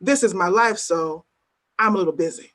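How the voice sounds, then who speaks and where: A woman's voice: lowish voice, fairly bright tone. Woman reading spoken-word poetry. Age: adult working as a teacher. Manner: measured, weighty delivery with pointed repetition. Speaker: poet at an open mic.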